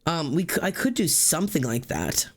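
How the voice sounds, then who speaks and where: A man's voice: on the high side, sing-song, normal speed, vocal fry. A man streaming live, chatting casually while he sketches tattoo ideas, rambling with many fillers and the odd curse. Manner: rambling, full of fillers and swearing. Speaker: livestreamer.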